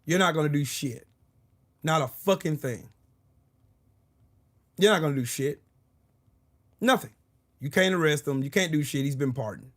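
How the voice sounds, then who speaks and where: Furious, high-voiced man ranting. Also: lively intonation, moderate pace, fairly bright tone. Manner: angry, profane, sarcastic ranting; repeats short phrases for emphasis. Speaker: political commentary channel host. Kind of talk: solo ranting commentary video.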